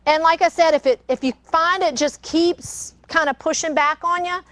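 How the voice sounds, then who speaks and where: A woman's voice: extremely high pitch, moderate pace, a bit bright, dry recording. An older woman, hosting a casual cooking demonstration and chatting in a rambling, storytelling way. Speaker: cooking show host. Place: kitchen studio.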